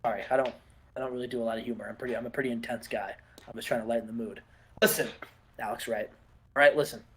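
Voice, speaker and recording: A man playing an intense male wrestler cutting a slow, menacing promo in a game session. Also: fairly even intonation, breathy edge, natural voice. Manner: low, slow, menacing delivery.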